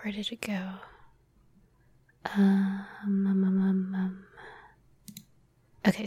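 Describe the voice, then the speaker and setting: A woman with a lowish, mellow voice hosts her podcast, which she also writes, in a breathy whisper on a dry recording. She sounds hesitant and self-deprecating, using many fillers.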